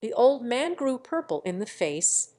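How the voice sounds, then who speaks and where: A woman narrating a classic novel in a measured, deliberate reading. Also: a little high, big pitch swings, mellow. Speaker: audiobook narrator.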